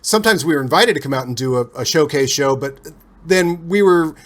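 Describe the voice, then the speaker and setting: A man with a slightly raised pitch chats as an interview guest. He tells stories animatedly, starting over mid-sentence and laughing along the way. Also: a little fast. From Cincinnati, USA. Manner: animated, rambling with restarts and laughs. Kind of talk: casual storytelling interview.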